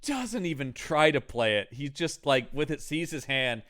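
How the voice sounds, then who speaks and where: A man co-hosting a casual movie-review podcast, joking and dropping into quick impressions. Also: a little high. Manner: animated, jokey, slips into quick voices. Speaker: podcast co-host.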